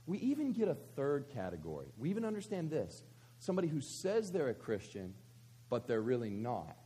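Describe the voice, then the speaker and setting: Lively husky-voiced man preaching. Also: medium pitch, fairly quick. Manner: animated, conversational, frequent rhetorical questions. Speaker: pastor. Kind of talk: sermon. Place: church service.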